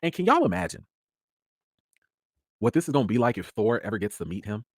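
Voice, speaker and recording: A young man, chatting casually as host of a review show, his energy swinging between excitement and tired mumbling. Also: fairly low pitch, a little fast, dry recording, clean studio sound.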